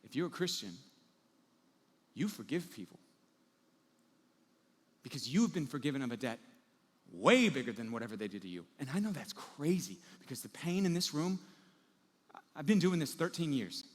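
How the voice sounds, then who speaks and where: This male pastor's fairly high voice swings widely in pitch at a normal speed, broken by long pauses, as he preaches to a live audience. He narrates casually and acts out quoted characters, all wrapped in the long reverb of a large hall.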